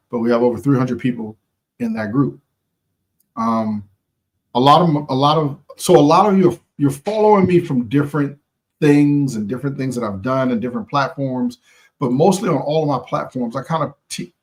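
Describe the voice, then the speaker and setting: A man's voice: mid-range voice, normal speed, darkish tone. A man hosting a live stream, giving an impassioned, preachy motivational talk in casual slang, repeating phrases for emphasis and talking straight to his viewers.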